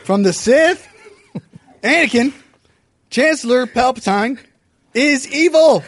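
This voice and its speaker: A man's voice: on the high side, measured pace, a little hiss or hum, natural voice. A man playing a solemn, grieving male Jedi master in a comedic film-scene parody, with an over-the-top earnest delivery. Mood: pleading.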